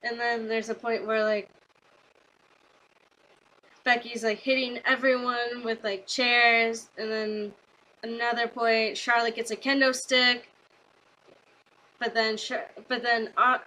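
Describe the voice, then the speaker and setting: A young woman chats through a wrestling event recap in a casual vlog, her bright, slightly high voice tumbling along with filler words. She gushes and rambles as she retells the matches. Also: flat delivery, takes it slowly, long pauses, rough recording. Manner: gushing, rambling with many fillers. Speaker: wrestling fan vlogger. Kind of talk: casual excited review.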